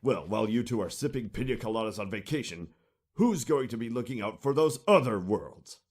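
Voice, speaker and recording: A man voicing a furious, gruff military chief with a deep, ferocious, barking voice. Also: expressive, fairly quick, darkish tone. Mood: angry. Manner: barking, commanding.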